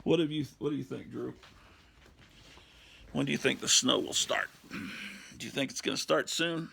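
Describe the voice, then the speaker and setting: A hoarse man, rambling in mock-showman vlog chat and repeating "ladies and gentlemen" as he films at home. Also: mid-range voice, normal speed, pauses often. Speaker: vlog host. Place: home, indoors.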